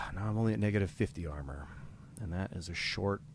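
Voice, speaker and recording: A man commentating his own card game on a live stream, thinking aloud about his moves in a casual, profane way and getting excited when thanking viewers. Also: deep voice, moderate pace, very noisy. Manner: reads out donor names with rising excitement.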